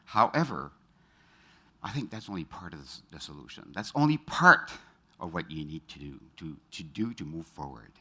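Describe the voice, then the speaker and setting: A middle-aged man with a low voice, sing-song yet bright and forceful, delivers a motivational stage talk to a live audience. He weaves in personal anecdotes and asks quick show-of-hands questions of the crowd.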